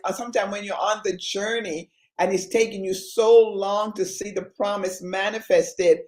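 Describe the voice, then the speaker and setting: A woman's voice: mid-range voice, steady tone, a little slow, few pauses, a little mellow. A woman hosting a Christian talk show, speaking with an emotional, exhorting preacher's cadence. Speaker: ministry talk show host. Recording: roomy echo.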